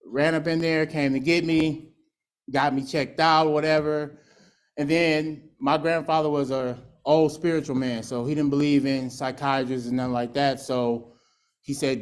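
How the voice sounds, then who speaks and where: A man tells his story in a blunt, streetwise way, acting out the voices of family and friends. His voice sits a little higher than most men's. He speaks candidly about a hard past at a recovery meeting. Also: level tone, unhurried, clear, resonant tone. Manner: candid, streetwise storytelling with laughs and acted quotes. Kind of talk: personal testimony at a recovery meeting.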